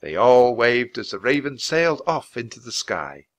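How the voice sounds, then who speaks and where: A man reading a children's chapter book aloud at a natural pace for language learners. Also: moderate pace. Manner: reads at a natural, even speed for language learners; jumps higher and louder for the characters' lines. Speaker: storybook reader.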